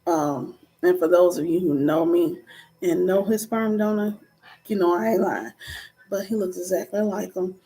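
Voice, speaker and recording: A woman's voice: fairly low pitch, steady tone, moderate pace, warm tone. A woman in her thirties giving an earnest, conversational inspirational talk, with frequent ums and preachy asides. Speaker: vlogger. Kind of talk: casual inspirational talk to camera.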